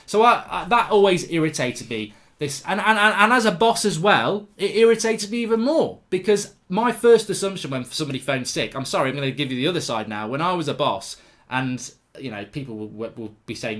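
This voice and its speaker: A man's voice: on the high side, animated, brisk, a bit bright. A middle-aged man from England hosting a casual chat, rambling and swearing as he tells stories and mimics feeble sick-day voices. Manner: rambling, swearing, puts on mock weak voices. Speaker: host.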